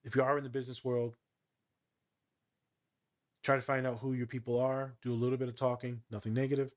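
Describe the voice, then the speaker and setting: A man co-hosting a podcast in casual chat, animated and joking with sarcastic asides. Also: medium pitch, a little fast. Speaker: podcast co-host.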